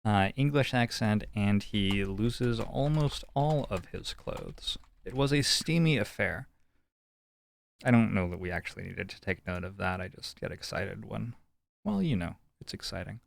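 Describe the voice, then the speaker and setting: A man's voice: on the low side, lively intonation, unhurried, gravelly, dry recording. A man streaming a detective game, thinking aloud in a playful, joking way as he comments on what he finds. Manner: playful, jokey musing aloud. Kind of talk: casual gameplay commentary.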